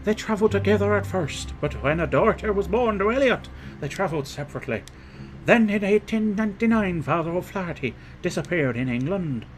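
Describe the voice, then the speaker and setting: A man's voice: sits high, lively intonation, fairly quick, faint music behind. A man voicing a frightened old Irish priest, his put-on brogue wobbling and slipping into other accents. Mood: fretful. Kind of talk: reading game dialogue aloud.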